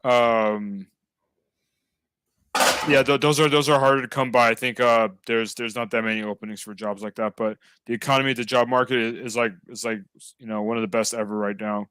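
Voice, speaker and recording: A man's voice: mid-range voice, fairly even intonation, brisk, a bit bright, clear, resonant tone, no echo. A man in a casual chat who rambles, with lots of fillers and restarts.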